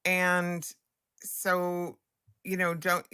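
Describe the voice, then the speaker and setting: A woman's voice: fairly low pitch, completely flat delivery, extremely slow, pushed and bright, clear, resonant tone, dry recording, clean studio sound. A woman hosting a podcast interview, chatting frankly and casually, with occasional swearing. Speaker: podcast host.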